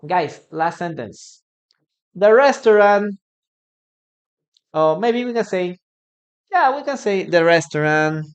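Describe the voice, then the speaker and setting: The pace is slow, with long pauses, yet the medium-pitched voice keeps a lively intonation. A teacher from Peru whose first language is Spanish gives an English lesson live online, carrying a Peruvian Spanish accent. Viewers are often thanked while words are repeated for pronunciation.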